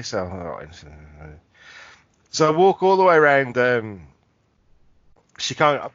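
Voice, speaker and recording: A man's voice: medium pitch, sing-song, unhurried, long pauses, a bit bright, no echo, muffled recording. A man, co-hosting a podcast and rambling through a funny anecdote, laughing and swearing often. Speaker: podcast co-host. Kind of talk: casual chat.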